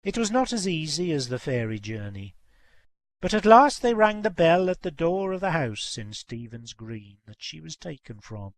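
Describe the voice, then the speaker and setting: A man reading a folk tale aloud in a measured, expressive way. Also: on the high side, no echo. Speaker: storyteller.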